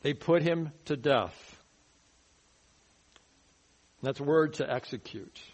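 A man teaching verse by verse through a Bible passage in a conversational sermon, often dropping his voice low to stress a point. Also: slow, highs cut off. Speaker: pastor. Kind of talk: expository sermon.

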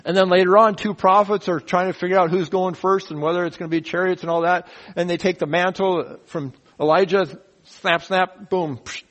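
Bible teacher, male, voice sits a bit high, animated and folksy, asks questions, makes sound effects. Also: fairly quick, hardly any pauses, lo-fi sound. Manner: folksy asides and humor.

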